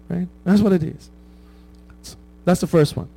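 A male preacher with a high, mellow voice delivers a conversational sermon. He keeps checking in with "right?" and laughs at his own examples. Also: takes it slowly, vocal fry, husky.

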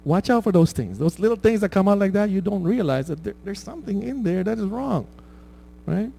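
A man delivering a relaxed, conversational sermon. His voice sits a bit high but sounds dark and mellow. He keeps checking in with his listeners and laughs easily at his own stories. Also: a little fast, gravelly, slight background noise, poor audio. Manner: conversational preaching with frequent "right?" tags. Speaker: pastor.

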